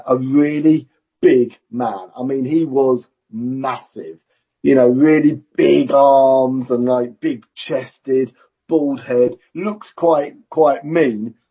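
A man delivers a sermon at an unhurried pace, in a very husky, breathy voice. He speaks in a measured, conversational way, with easy self-aware asides. The recording sounds dull and lo-fi. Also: medium pitch. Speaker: preacher.

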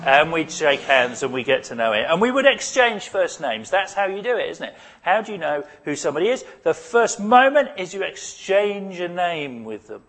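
Male pastor, fairly high voice, dramatic sermon delivery with sudden loud and soft swings. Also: sing-song, moderate pace, hardly any pauses. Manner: dramatic, swings from loud cries to hushed asides.

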